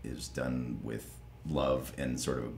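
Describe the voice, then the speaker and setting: A man's voice: a little slow, vocal fry, faint music behind. A man in a casual interview, talking about his voice acting work, playful and laughing often. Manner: playful, laughs often, lively swings in pitch. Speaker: voice actor guest. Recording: echoey room with faint ambient noise.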